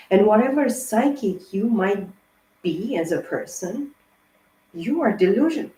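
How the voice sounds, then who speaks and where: Mellow-voiced woman giving a rambling tarot reading. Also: medium pitch, animated, measured pace. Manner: rambling, emphatic and profane. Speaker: tarot card reader. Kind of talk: casual tarot reading monologue. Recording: roomy echo.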